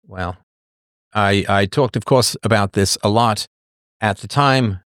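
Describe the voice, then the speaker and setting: A man's voice: fairly low pitch, takes it slowly, a bit bright, no echo, clean studio sound. A man hosting a show, reading and answering viewer comments in a digressive, sardonic way and laughing often. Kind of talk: casual livestream monologue.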